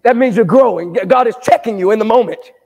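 A man with a notably high voice preaches a sermon in a church sanctuary, tossing questions out for the congregation to answer. He pushes up into shouted emphasis at times, and his words ring out with the long reverb of a large hall. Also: fast talker, creaky. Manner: call-and-response preaching, asking the congregation to answer back. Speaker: pastor.

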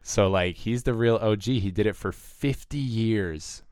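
A man co-hosting a podcast in relaxed, chatty talk with plenty of fillers. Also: on the low side, measured pace, clean tone, no echo, clean studio sound. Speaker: podcast co-host. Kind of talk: casual podcast chat.

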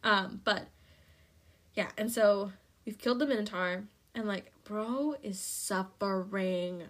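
A young adult woman hosting a casual book recap podcast, animated and chatty, laughing often and filling with "like.". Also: mid-range voice, takes it slowly. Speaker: podcast host.

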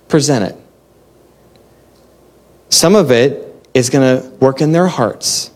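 A man's voice: on the high side, moderate pace. A man preaching a casual, conversational sermon, chatty and self-interrupting, laughing often as he talks. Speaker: pastor.

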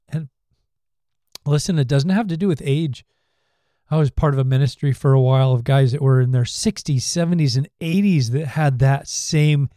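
A man's voice: mid-range voice, dark tone, no room sound, clean studio sound. A man co-hosting a faith podcast, talking earnestly and acting out little quotes with laughs. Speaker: podcast co-host.

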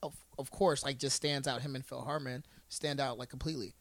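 A man's voice: mid-range voice, fairly even intonation, a little fast, dry recording. A man in casual podcast chat, rambling with many restarts and fillers.

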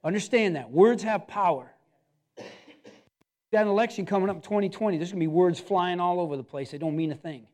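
High-voiced emphatic male preacher. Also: brisk, darkish tone. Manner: emphatic, repetitive preaching with direct address. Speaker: pastor. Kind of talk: sermon.

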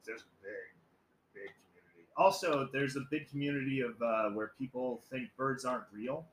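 A young man tells long, rambling stories on a podcast, swearing freely and breaking into laughs. His voice sits at an ordinary pitch. It rings in an echoey room, with faint noise underneath. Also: normal speed. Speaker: podcast co-host. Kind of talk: casual crude chat.

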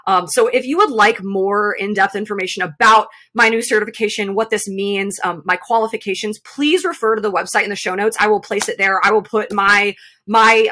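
Young woman hosting her podcast, bright voice, earnest, lots of ums and restarts, a bit choked up. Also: medium pitch. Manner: earnest, many fillers and restarts. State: emotional, voice catching. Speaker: podcast host, mental performance consultant. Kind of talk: personal podcast monologue.

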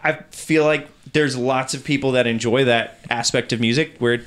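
A man's voice: medium pitch, steady tone, normal speed, a bit bright. A man hosting a casual podcast chat, rambling and hedging with many fillers as he sets out the topic. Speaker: podcast host.

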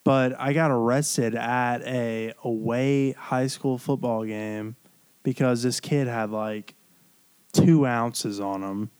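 Slow, laid-back young man. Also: mid-range voice, steady tone, a little mellow, clear, resonant tone. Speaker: podcast host. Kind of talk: casual chat.

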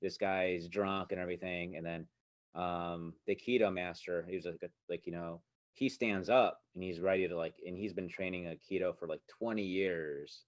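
A man co-hosting a podcast, telling stories in a relaxed way with many fillers. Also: low voice, moderate pace, no room sound, lo-fi sound. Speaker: podcast co-host. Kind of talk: casual spiritual chat.

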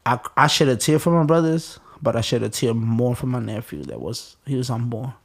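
Halting, blunt storytelling from a man from Chicago, in a plain mid-pitched voice. He restarts his sentences often and talks rough and profane, as an interview guest recounting his own life. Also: animated. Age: adult.

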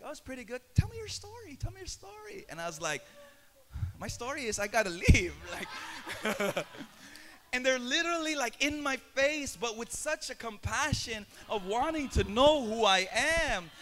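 A young man with a Filipino accent preaches with high-pitched fervor. He swings between easy, joking asides and rising, shouted prayers. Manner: passionate, builds to shouting, mixes in Tagalog. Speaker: pastor. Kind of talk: sermon.

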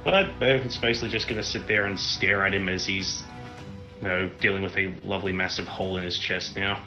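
A man chats through his turn in a tabletop game, eager and a bit profane as he works out his plans. His voice is bright, and the sound is slightly dull, as if over a call. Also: deep voice, little pitch movement, a little fast, soft background music. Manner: enthusiastic, swearing, thinking aloud. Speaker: player. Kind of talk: casual chat while playing a tabletop game.

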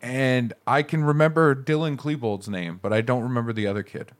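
A man co-hosting a podcast in casual chat, jokey and animated, often slipping into silly voices. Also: mid-range voice, brisk. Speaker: podcast co-host.

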